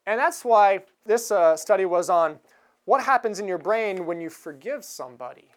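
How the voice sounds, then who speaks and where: A woman's voice: medium pitch, lively intonation, normal speed. A woman giving a sermon in a conversational manner, chuckling now and then as she tells stories. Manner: conversational, chuckles while retelling a film scene. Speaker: preacher.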